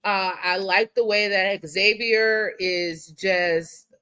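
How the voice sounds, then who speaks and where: A woman who covers sports as a beat writer, chatting on a podcast in a mid-range voice. She speaks thoughtfully, often pausing with ums and circling back to restart her sentences. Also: mid-range voice, steady tone, bright, forceful tone, smooth. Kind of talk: casual sports podcast chat.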